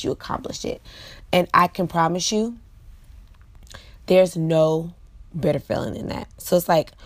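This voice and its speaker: A woman in her late twenties hosts her own vlog with a low voice and a gravelly edge to it. She chats casually to her viewers and uses plenty of fillers. The sound is dry and close, with no room echo. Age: late 20s. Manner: chatty, frequent fillers, talks to viewers directly. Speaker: vlog host. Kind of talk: casual motivational vlog monologue.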